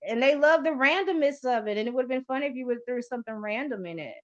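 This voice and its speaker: A woman's voice: high-pitched, animated, fast. A woman hosting a podcast in loose casual chat, rambling and swearing freely with lots of fillers. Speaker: podcast host. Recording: lo-fi muffled audio.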